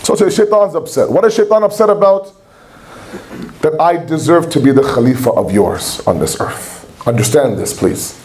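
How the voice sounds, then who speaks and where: A man's voice: on the high side, a little mellow, a little hiss or hum. A man giving a religious lecture in a conversational way, with rhetorical questions and humor. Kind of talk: sermon-style lecture.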